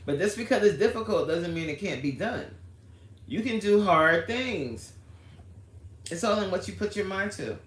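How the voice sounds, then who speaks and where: A woman's voice: mid-range voice, lively intonation, fast talker, hardly any pauses. A woman hosting a casual livestream, chatting with viewers by name and launching into a story. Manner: chatty, answers the live chat by name, storytelling. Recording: roomy echo, faint background noise.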